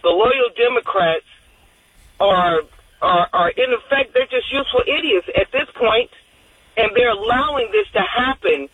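A woman's voice: on the high side, sing-song, unhurried, slightly rough, no room sound. A woman calling in to a radio show, talking in a rambling, earnest way with frequent restarts. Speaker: caller. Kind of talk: phone-in call. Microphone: telephone. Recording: tinny phone line.

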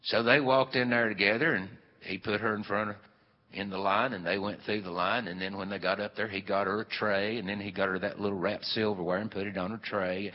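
A man's voice: on the low side, steady tone, brisk. Folksy man telling a story. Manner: folksy and meandering, with many fillers. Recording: dull, hall-echoed live recording.

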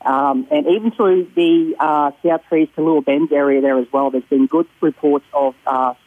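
A man's voice: fairly high pitch, fairly even intonation, normal speed, no room sound. A man with an Australian accent giving a casual fishing report as a caller, rambling with many ums and uhs. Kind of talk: casual radio phone chat. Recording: tinny phone line.

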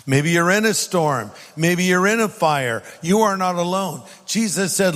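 A man, a pastor, preaching a sermon and reading scripture aloud with emphatic pauses. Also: high-pitched, lively intonation, fairly bright tone. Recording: long hall reverb.

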